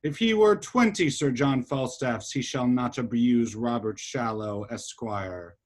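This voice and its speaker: A man reading a testy old country justice in a casual amateur play reading, with slow, measured blustering. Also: mid-range voice, darkish tone, lightly acted.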